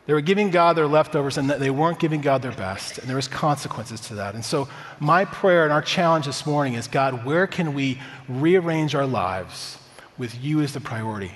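A man's voice: mid-range voice, lively intonation, normal speed. A man in his thirties, a pastor, giving a conversational, upbeat sermon to a church congregation with personal stories. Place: church sanctuary. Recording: reverberant church hall.

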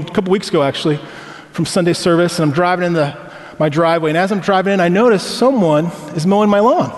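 A man preaching a sermon as a pastor, telling stories in a conversational way. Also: high-pitched. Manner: conversational storytelling with personal anecdotes. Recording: long hall reverb.

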